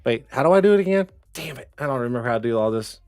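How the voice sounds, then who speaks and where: A man's voice: mid-range voice, expressive, rapid-fire, darkish tone, no room sound, studio quality, faint music behind. Joking, swearing livestream host man. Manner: loose, joking, swears and laughs often. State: slightly strained voice. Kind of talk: casual livestream chat.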